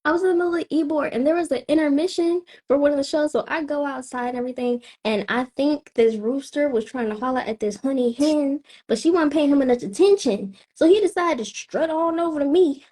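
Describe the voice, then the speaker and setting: A spoken word poet from Tampa, Florida, a woman with a Southern accent, delivering her lines in a slow, rhythmic way with weighty pauses. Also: high-pitched, dark tone. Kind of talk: spoken word poetry performance.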